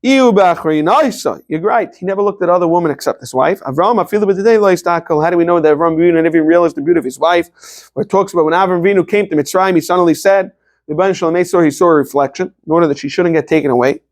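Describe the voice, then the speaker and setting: High-voiced American man teaching Talmud. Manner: reads Aramaic phrases slowly then explains quickly in English, with repeated restarts. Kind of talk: daf yomi Gemara class.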